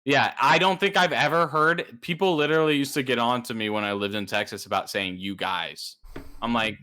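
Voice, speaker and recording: A man with a bright, forceful voice, co-hosting a casual podcast. He tells stories in an animated way and leaps up in pitch when he imitates others. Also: a little fast. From New Mexico. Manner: animated storytelling, jumps high to mimic others. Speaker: podcast co-host. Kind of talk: casual chat.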